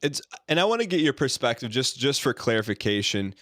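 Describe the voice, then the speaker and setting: A man's voice: medium pitch, sing-song, brisk, fairly bright tone, no echo, studio quality. A man hosting a podcast, asking long rambling questions full of restarts and fillers. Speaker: podcast host. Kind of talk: casual interview talk.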